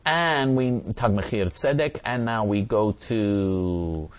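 Male religious teacher, low register, fervent delivery, dramatic quoting. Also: takes it slowly, dry recording. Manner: intense, repeats phrases, quotes voices dramatically. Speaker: religious teacher answering viewers.

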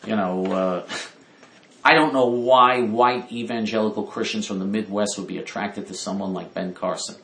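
A man's voice: on the low side, steady tone, normal speed, fairly bright tone, echoey room. A man giving opinionated political commentary, indignant and emphatic, repeating his points.

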